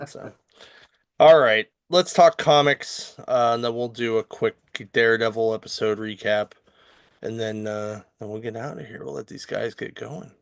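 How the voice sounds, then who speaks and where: A man's voice: medium pitch, normal speed, gravelly, smooth, no room sound, studio quality. A man co-hosting a casual comics podcast, recapping a comic book in a rambling way with many ums and restarts. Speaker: podcast co-host.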